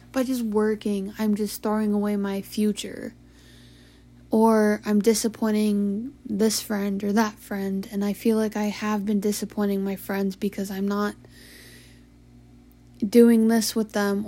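A tired young woman hosting a late-night confessional podcast, talking softly and haltingly, with sighs, yawns and whispered stretches. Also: mid-range voice. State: sleepy. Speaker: podcast host.

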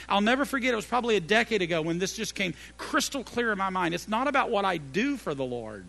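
A middle-aged pastor delivers a sermon in a high, gravelly voice. His pitch leaps and falls widely, from loud emphatic peaks down to hushed, low phrases. He repeats key phrases again and again to drive them home. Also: big pitch swings, quick pace, hardly any pauses.

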